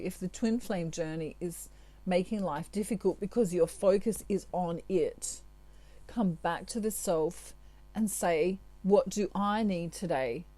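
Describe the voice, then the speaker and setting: A tarot reader with a fairly low-pitched voice offers spiritual advice to her viewers, chatty and gentle, with frequent asides. The recording is dry.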